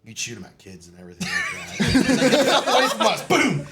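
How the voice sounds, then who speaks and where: A man telling his military stories in casual podcast chat, swearing often, laughing, and shouting out the quoted lines. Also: very high voice, wildly swooping pitch, a little fast, a loud crowd. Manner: profane, laughing, acts out quotes loudly. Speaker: podcast guest. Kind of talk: casual storytelling.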